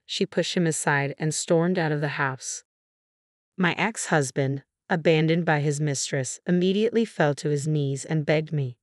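A woman narrates a first-person story in a steady, even reading. Her voice sits low, and the recording is dry and close with no room echo. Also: moderate pace.

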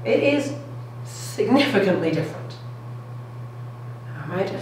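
In an echoey lecture room, picked up by a distant mic with some faint noise, a middle-aged woman gives an enthusiastic public science talk. Her medium-pitched, darkish voice is sing-song and measured, and she keeps asking her audience "okay?" and "all right?"

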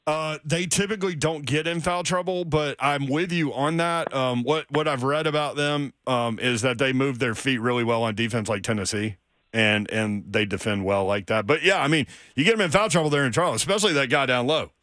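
A man's voice: medium pitch, brisk, a bit bright, no room sound. Man, radio host, easygoing, conversational, dry close mic. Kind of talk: sports radio talk. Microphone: studio mic.

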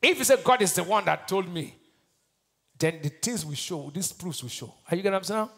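Preaching a sermon, a pastor with a Nigerian accent and a high, gravelly voice speaks fairly quickly and animatedly. He alternates booming declarations with quiet lines and puts questions to the congregation for call-and-response.

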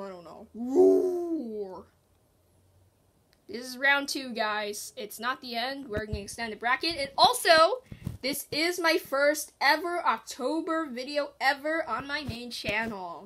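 A woman hosting a gaming video, excitedly reacting to a match and chatting in voices for her stuffed animals. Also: on the high side, a little slow. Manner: excitable, squealing and groaning at the game. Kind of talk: playful game commentary with toy voices.

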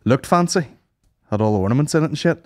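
A man's voice: medium pitch, lively intonation, quick pace, no echo, studio quality. A man co-hosting a podcast, telling rambling, sweary anecdotes in casual chat and acting out what people said. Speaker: podcast co-host.

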